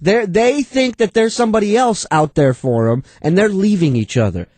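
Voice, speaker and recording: A man's voice: high voice, lively intonation, normal speed, darkish tone, no room sound. A man co-hosting a radio show, ranting crudely and indignantly in casual banter. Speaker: radio co-host.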